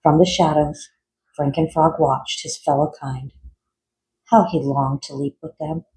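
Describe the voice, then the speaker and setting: A man reading a children's picture book aloud in a measured, expressive way. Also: on the high side, low-quality recording. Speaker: storyteller.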